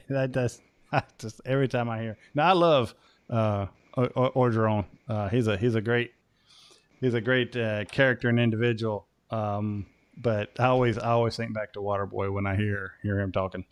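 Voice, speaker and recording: A man's voice: fairly low pitch, steady tone, moderate pace, clear, resonant tone, no room sound. An American man hosting a motorcycle podcast, chatting casually and rambling with frequent restarts and fillers. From United States. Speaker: podcast host. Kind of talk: casual chat.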